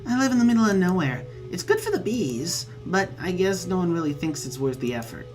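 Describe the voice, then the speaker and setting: A man's voice: high-pitched, sing-song, a little fast, faint music behind. A man voicing a lonely, eager young male bee troll with a buzzy voice who apologizes and pities himself. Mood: dejected. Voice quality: buzzy accent. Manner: eager, apologetic, self-pitying.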